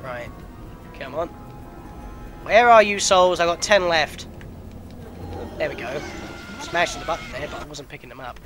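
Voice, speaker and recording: A man narrating his gameplay in a chatty, excitable way with sudden outbursts. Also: fairly high pitch, moderate pace, pauses often, soft background music. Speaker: let's player. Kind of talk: gameplay commentary.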